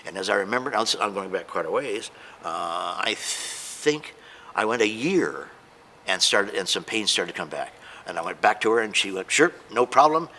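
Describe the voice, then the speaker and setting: A man tells his story as a patient, emotional and hesitant, stumbling through restarts and fillers. His voice sits a little low but sounds bright. Faint noise hangs behind him. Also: lively intonation, normal speed. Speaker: patient giving a testimonial. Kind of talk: unscripted testimonial.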